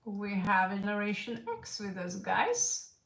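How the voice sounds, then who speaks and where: A woman's voice: medium pitch, fairly even intonation, a little slow, vocal fry, fairly bright tone, distant mic. A woman who is not a native English speaker, with a mixed British and Russian accent, reading tarot live for chat viewers in a hesitant way with many fillers. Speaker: tarot reader. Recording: echoey room, voice from off-mic.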